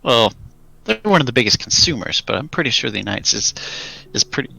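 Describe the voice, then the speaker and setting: A deep-voiced young man in his late teens streams while drawing, chatting casually and animatedly, his voice jumping to a high squeak when he gets excited. He talks a little fast with vocal fry and a slightly rough texture. Chill music plays behind him.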